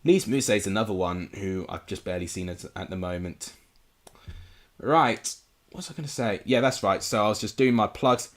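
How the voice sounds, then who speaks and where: Hosting a live football watchalong, a young man from England talks at a moderate pace in a fairly low voice. He's casual and chatty, responding to comments from his viewers.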